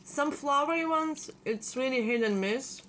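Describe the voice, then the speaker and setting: A woman's voice: high-pitched, a little slow, a bit bright, slight background noise. A woman with a slight Russian accent, chatting casually and agreeably at a home meal. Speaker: channel host. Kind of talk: casual mukbang chat. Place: home dining table.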